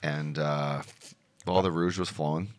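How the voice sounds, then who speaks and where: A man co-hosting a casual podcast, talking with a hoarse voice and swearing freely. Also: extremely low pitch, measured pace. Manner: swears casually, animated banter. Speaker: podcast co-host.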